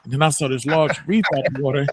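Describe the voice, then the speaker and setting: Dude w/ a telling a crazy story on a morning show, kinda high voice, cussing n laughing. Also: male voice, fast talker, slightly rough. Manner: animated storyteller, profane, laughs loudly. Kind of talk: casual chat.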